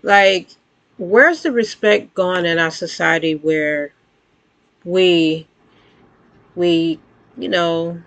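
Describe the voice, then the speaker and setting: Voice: medium pitch, drawn-out words, long pauses, a bit bright. A vlogger talking straight to viewers in casual spoken commentary, earnest and conversational, often restarting sentences and breaking into emphatic outbursts.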